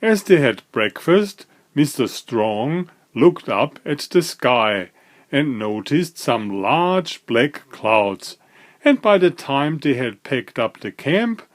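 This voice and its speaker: A man reading a children's picture book aloud, with slow, lively storytelling. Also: medium pitch. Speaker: storybook reader.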